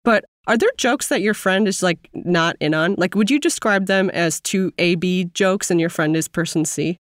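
Thoughtful lower-voiced woman podcast host. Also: moderate pace, dry recording, studio quality. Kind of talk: casual advice chat.

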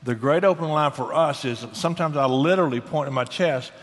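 An older man giving marriage advice in an earnest, folksy way, telling stories with lively emphasis. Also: a little high, brisk. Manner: earnest, folksy, animated storytelling. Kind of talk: conversational advice. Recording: long reverb.

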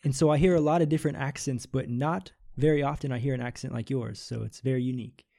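A man hosting a podcast interview, friendly and quick to laugh, sometimes tripping over his words. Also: medium pitch, steady tone, creaky, mellow. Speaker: podcast host.

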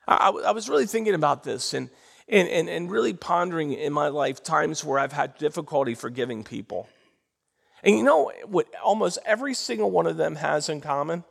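Gravelly-voiced man preaching a lively sermon. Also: a little high. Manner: animated, call-and-response with congregation. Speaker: pastor. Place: church sanctuary.

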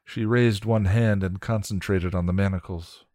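Deep-voiced man reading a story. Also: steady tone, normal speed, darkish tone, no echo, clean studio sound. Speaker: story reader.

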